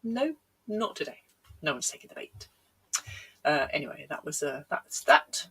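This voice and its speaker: A woman's voice: deep voice, expressive, moderate pace, fairly bright tone, husky. A middle-aged woman from Britain, a comedian rambling through a chatty, self-deprecating live-stream set with plenty of ums and laughs.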